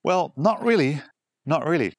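A man hosting a podcast, giving an earnest, expressive motivational monologue and laughing often. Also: a little high, normal speed, no room sound, clean studio sound. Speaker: podcast host.

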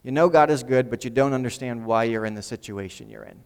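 A man's voice: medium pitch, fast, smooth, in a large hall. A man preaching a sermon in a conversational way, often repeating words as he builds a point. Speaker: pastor.

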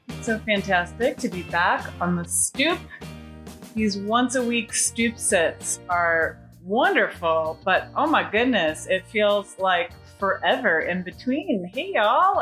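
A woman's voice: medium pitch, lively intonation, slow, fairly bright tone, faint music behind. A woman hosting a casual livestream from home, bubbly and chatty, greeting viewers as they join. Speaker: livestream host.

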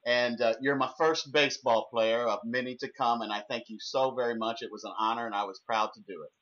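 A man's voice: medium pitch, fairly even intonation, brisk, fairly bright tone, muffled recording. A man hosting an interview, stumbling over his words as he asks questions and thanks his guest. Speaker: podcast host. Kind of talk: casual interview.

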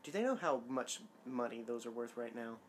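A man's voice: mid-range voice, lively intonation, fairly quick, a little hiss or hum. A man chatting casually while watching a film, tossing out trivia, jokes and exclamations. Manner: joking, exclamatory, trivia-sharing. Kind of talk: casual watch-along commentary.

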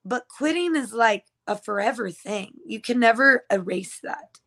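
A young woman co-hosts a relaxed podcast. Her voice sits on the higher side, and she rambles through her points with plenty of "like" and "you know." She sounds easygoing and chatty. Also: measured pace. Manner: chatty, many fillers and restarts. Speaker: co-host. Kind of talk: casual podcast chat.

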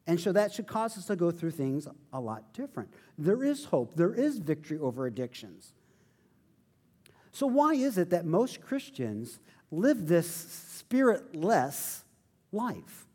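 A male pastor preaching a sermon, telling a story with animated, self-deprecating humor. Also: high-pitched, a little slow, breathy edge.

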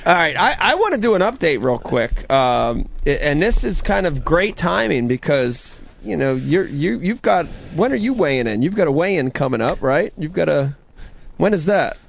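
A man hosting a studio talk show, upbeat and quick to laugh. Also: a little high, very animated, creaky, muffled recording, a little hiss or hum. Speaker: host.

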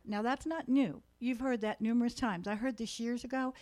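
A woman's voice: fairly high pitch, normal speed, a little mellow. Earnest woman preaching to a congregation. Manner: earnest, exhorting, speaks to the room. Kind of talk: sermon. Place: church meeting room.

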